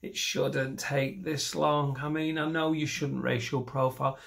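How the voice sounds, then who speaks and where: A man in his thirties doing a stand-up comedy set, rambling and self-mocking and jumping into loud voices for imagined scenes. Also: on the high side, fairly even intonation, normal speed, vocal fry. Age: 30s. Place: comedy stage.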